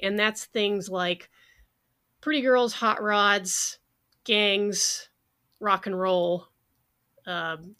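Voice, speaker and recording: A woman hosting a casual podcast chat, sardonic and brisk, swearing freely as she talks through a film. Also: medium pitch, a bit bright. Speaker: podcast host.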